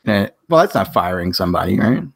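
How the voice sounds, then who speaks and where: A man's voice: low-pitched, big pitch swings, quick pace, vocal fry, breathy edge, no room sound, clean studio sound. A man hosting a podcast in casual chat, telling long rambling stories and acting out quoted back-and-forths. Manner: rambling storyteller who acts out quoted exchanges. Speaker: podcast host.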